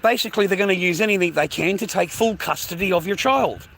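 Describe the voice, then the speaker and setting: A man livestreaming, ranting angrily at his viewers, swearing a lot and repeating himself, sometimes dropping to a low quiet menace. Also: quick pace, slight background noise. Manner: swears constantly, repeats phrases, berates viewers; drops low and quiet when threatening. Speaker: livestreamer talking to his chat. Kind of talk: angry rant to chat.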